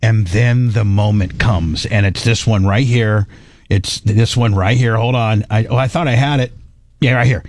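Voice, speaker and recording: A man in casual conversation, telling a lively story and acting out what others said. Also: on the low side, normal speed, no echo, studio quality. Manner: animated, acts out quotes of others. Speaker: guest recounting a trial.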